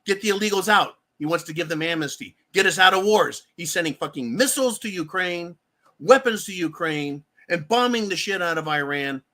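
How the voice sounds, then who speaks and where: High, bright-voiced man ranting angrily. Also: expressive, brisk. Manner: profane, sarcastic, heated. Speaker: political commentator. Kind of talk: angry political rant.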